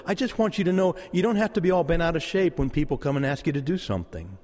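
A man preaches to his church with a fairly high voice that swoops up and down. He drops into playful quoted voices and chuckles as he talks. The sound carries a long, ringing reverb from the sanctuary. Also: lively intonation, fast talker, darkish tone. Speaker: pastor. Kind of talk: sermon.

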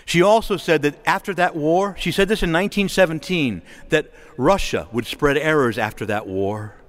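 A man's voice: a little high, normal speed. A middle-aged man preaching a sermon, impassioned and rising to emphatic exhortation.

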